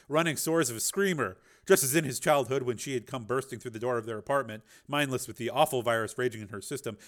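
A man narrating a dramatic audiobook and voicing its characters with shifting pitch.

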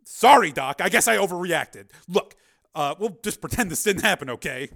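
A gruff, bossy man with a short fuse who barks his demands, played by a male narrator. His voice is loud, bright, and full of swings. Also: sits high, animated, normal speed, voice pushed up, full character voice.

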